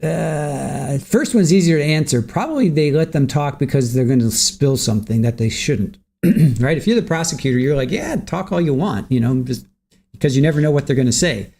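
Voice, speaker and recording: A man's voice: mid-range voice, brisk, creaky, warm tone. A man hosting a livestream, greeting viewers from the chat by name and chatting casually while waiting for court to start. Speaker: livestream host.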